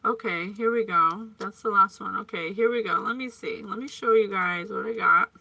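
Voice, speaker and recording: A woman's voice: mid-range voice, normal speed, gravelly, sharp tone, no echo. A woman giving a chatty psychic reading, playful and prone to tangents. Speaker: psychic reader. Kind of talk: casual psychic reading monologue.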